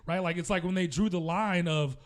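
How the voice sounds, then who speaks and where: A man from the American South co-hosting a podcast, telling stories in a relaxed, laid-back way. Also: sits high, fairly quick. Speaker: podcast co-host. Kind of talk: casual chat, storytelling.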